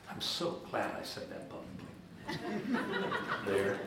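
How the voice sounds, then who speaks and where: A man giving a church seminar talk, telling stories with animated, emphatic swings into high excited tones. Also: measured pace. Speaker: guest speaker at church seminars. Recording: very echoey hall with faint room noise.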